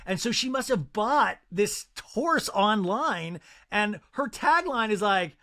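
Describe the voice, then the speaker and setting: Podcast host, young man, high voice, dishy and animated, given to quick mock impressions. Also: vocal fry. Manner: gossipy, animated, breaks into mock impressions of reality stars. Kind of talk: casual chat.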